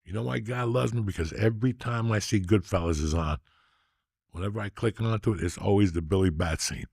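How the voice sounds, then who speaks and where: A man in his sixties hosting a podcast, telling stories casually in a profane, rowdy way that gets loud when he is excited. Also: lowish voice, fairly quick, no room sound, studio quality. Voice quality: gravelly. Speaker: podcast host.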